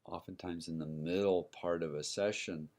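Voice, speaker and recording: A man's voice: low voice, steady tone, normal speed, a little mellow. A man giving a university lecture, explaining step by step and checking in with his listeners by asking "right?" as he goes. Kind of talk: recorded classroom lecture.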